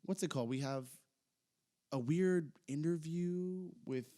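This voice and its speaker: A man's voice: fairly high pitch, a little slow. Male podcast co-host, casual rambling delivery with hesitations. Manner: rambling, hesitant, gets excited. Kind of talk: casual chat recapping wrestling.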